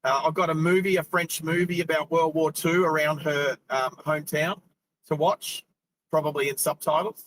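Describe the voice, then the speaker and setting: A man's voice: on the high side, steady tone, moderate pace, a bit bright, no room sound, low-quality recording. A middle-aged Australian man hosting a live driving stream, chatting casually and rambling, laughing often. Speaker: host. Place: inside a car.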